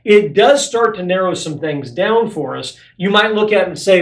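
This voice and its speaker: Earnest high-voiced man teaching in an echoey room. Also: expressive, moderate pace, few pauses. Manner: earnest, explanatory, repeats key phrases for stress. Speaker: podcast host. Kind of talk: apologetics podcast teaching.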